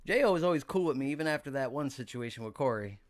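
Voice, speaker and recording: A man's voice: mid-range voice, animated, quick pace. A man hosting a casual podcast, talking in slang, laughing often and slipping into impressions. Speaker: podcast host. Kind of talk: casual chat.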